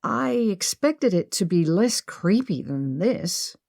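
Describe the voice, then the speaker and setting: A woman's voice: mid-range voice, sing-song, slow, gravelly, darkish tone, dry recording, clean studio sound, full character voice. A woman voicing an impulsive, upbeat young woman who brushes off worry, in an audiobook.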